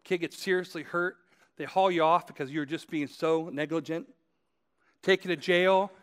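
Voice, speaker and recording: A man with a fairly high voice preaches a sermon. He tells his points as a story, speaking straight to the people listening and repeating key phrases to drive them home. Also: fairly even intonation, normal speed, clear, resonant tone. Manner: conversational storytelling, addressing listeners directly. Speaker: pastor.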